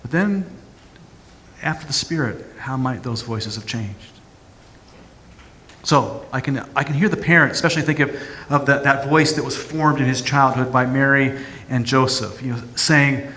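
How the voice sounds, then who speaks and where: A male pastor giving a reflective sermon, halting with restarts, in a church sanctuary. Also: mid-range voice, pushed and bright, a little hiss or hum. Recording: long church hall reverb.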